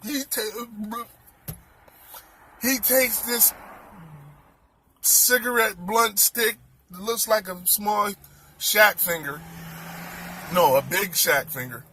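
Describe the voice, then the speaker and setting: A man telling a comic story in an animated, exclaiming way, repeating his words. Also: high-pitched, slow pace, pauses often, slight background noise.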